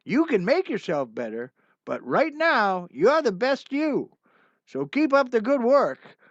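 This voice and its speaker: An older man hosting a livestream of his songs, chatting casually and rambling with plenty of "uh" fillers, then signing off warmly to his viewers. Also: very high-pitched, wildly swooping pitch, a little slow, no echo. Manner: warm, encouraging sign-off. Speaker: singer-songwriter hosting a livestream. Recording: dull, muffled lo-fi sound with faint music.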